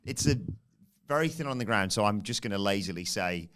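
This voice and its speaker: A man with a low, smooth voice rambles through a wrestling recap on a podcast. He keeps it casual and jokey, and drops self-deprecating asides as he goes. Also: expressive, brisk, a bit bright.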